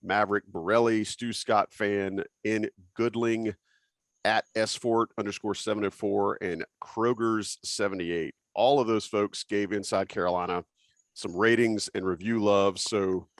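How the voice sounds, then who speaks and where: Low-voiced joking man hosting a podcast. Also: fairly even intonation, measured pace, no room sound. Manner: joking, loose, reads out listener names. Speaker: podcast host. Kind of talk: casual sports podcast chat.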